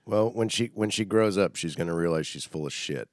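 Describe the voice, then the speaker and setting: A man's voice: low-pitched, fairly quick, no room sound, clean studio sound. A young man casually chatting as a podcast co-host, rambling and swearing a lot. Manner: profane, rambling, animated. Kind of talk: casual chat.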